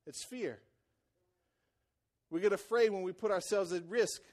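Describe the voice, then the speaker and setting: A man preaches as pastor in church, repeating phrases to emphasize them and swinging between quiet, intense moments and loud excitement. He speaks a little slowly in a high-pitched voice.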